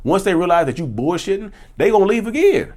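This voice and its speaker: A man's voice: high-pitched, very animated, brisk, a little mellow. A man in his thirties hosting his own vlog, talking earnestly and emphatically and repeating phrases for stress. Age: 30s. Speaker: channel host. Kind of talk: personal vlog monologue.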